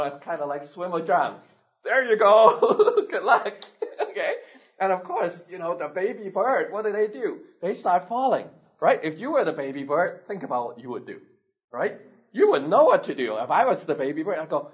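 A male pastor telling a story in a sermon, animated, laughing often and asking his listeners questions, in a dull lo-fi recording. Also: on the high side.

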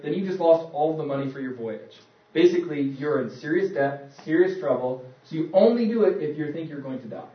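A man preaching a sermon as pastor, telling the story casually and acting out voices. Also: on the high side. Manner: conversational storytelling, acts out voices. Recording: echoey, distant, dull church recording.

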